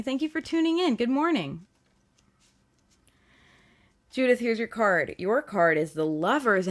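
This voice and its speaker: This young woman's voice sits at a medium pitch as she runs a relaxed tarot livestream. Playful and talkative, she wanders through her thoughts, often restarting and leaning on filler words.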